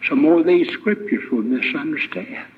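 A man's voice: a little high, moderate pace, slightly rough. A man preaching a sermon as guest speaker, retelling scripture with emphatic rhetorical questions. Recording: tinny, phone-like lo-fi recording.

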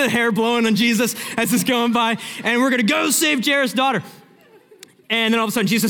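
A young man preaching a sermon, telling the story vividly and acting out the scenes, dropping from loud to hushed. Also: very high-pitched, quick pace. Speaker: pastor. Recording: long hall reverb.

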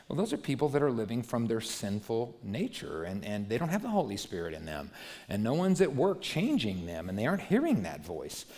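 A man preaching a sermon as a pastor, moving from hushed, gentle passages to loud, animated ones. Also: medium pitch, a little fast. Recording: long hall reverb.

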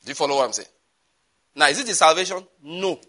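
A pastor delivers an emphatic, animated sermon. His voice sits a little high for a man and sounds bright and forceful. He repeats words for stress and throws in quick asides.

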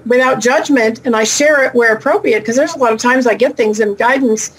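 A middle-aged woman talking as an interview guest over a remote call, chatty and down-to-earth with quick asides. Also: a little high, slightly rough, rough recording. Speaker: guest, animal intuitive and shaman. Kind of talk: casual interview talk.

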